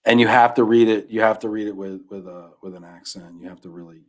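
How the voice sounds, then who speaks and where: Fairly low-pitched and quick, a man guesting on a podcast spins an animated retelling of a children's book. The chat is casual, and his voice regularly sinks into mumbling.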